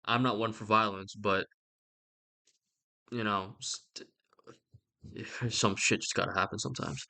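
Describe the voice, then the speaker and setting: A man's voice: lowish voice, fairly even intonation, measured pace, creaky, pushed and bright. A man giving a rambling, sweary comic retelling with lots of asides. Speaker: vlogger.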